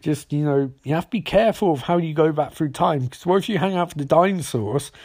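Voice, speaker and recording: A man voicing a weary, dismissive middle-aged male scientist who talks in a flat, sarcastic way. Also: on the high side, brisk. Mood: lecturing. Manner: flat, sarcastic, put-upon.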